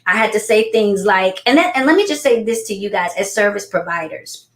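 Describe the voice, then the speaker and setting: A middle-aged woman chatting as a guest business coach, telling animated stories and acting out quotes. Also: brisk. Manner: animated storyteller, acts out quotes in high voices. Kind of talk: casual chat. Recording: echoey room.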